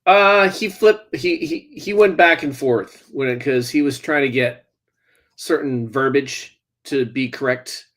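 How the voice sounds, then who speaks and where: A man's voice: mid-range voice, a little slow, a bit bright. A man, an actor, answering interview questions casually, hesitant and wry. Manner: hesitant, many fillers, wry. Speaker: actor guest.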